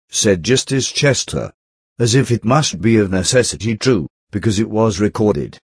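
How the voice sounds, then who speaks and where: A man giving a steady, measured narrated reading of an old text, reading out the speaker tags. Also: fairly low pitch, breathy edge, dry recording, clean studio sound. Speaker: audiobook reader.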